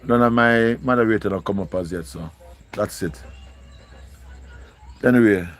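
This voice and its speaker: A man's voice: on the low side, moderate pace. A man with a Jamaican accent, pleading and repeating himself as he speaks emotionally to viewers on a live stream. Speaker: livestreamer.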